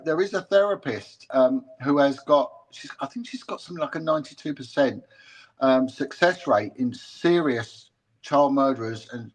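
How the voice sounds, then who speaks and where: Hesitant male guest, ex-cop, mid-pitch, many restarts, casual interview talk. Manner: halting, with many restarts and repeated words. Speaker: former policeman, guest.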